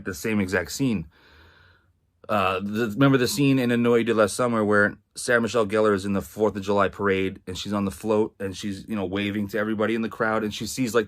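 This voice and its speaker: Casual film reviewer from Massachusetts, a man with a lowish voice who rambles with lots of filler words. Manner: rambling, heavy on "like" and "um", swears freely. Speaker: movie reviewer.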